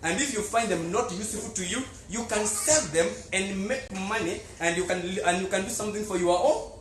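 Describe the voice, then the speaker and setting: A humble, nervous watchman, put on by a male preacher, begs and repeats himself in a raised, high voice. It echoes around a church hall. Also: normal speed, far from the mic, faint music behind, natural voice. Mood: pleading. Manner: nervous, begging repetitions.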